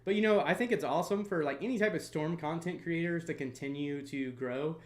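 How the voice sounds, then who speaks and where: A man in his thirties from North Florida hosting a casual storm-chasing livestream, chatty and quick to laugh while reading viewer comments. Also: a little high. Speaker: storm chaser livestream host.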